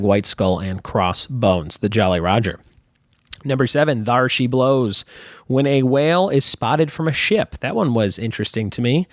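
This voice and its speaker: A man's voice: medium pitch, dry recording, clean studio sound. Playful man hosting a trivia podcast. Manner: playful, jokey, drawn-out quiz terms. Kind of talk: casual quiz podcast.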